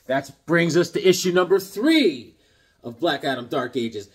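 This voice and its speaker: A man reviewing comics in a casual, excitable, rambling way, full of fillers. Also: a little high, normal speed, breathy edge.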